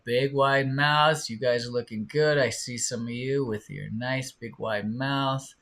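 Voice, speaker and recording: Man, singing teacher, online class, very slow pace, encouraging, sings demonstrations. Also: mid-range voice, fairly even intonation, a bit bright. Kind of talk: live online singing lesson.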